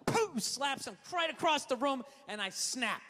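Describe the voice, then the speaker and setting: High-pitched ranting male stand-up comic. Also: big pitch swings, a little slow, sharp tone. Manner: ranting, profane, exasperated storytelling. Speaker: stand-up comedian. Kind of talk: stand-up comedy routine.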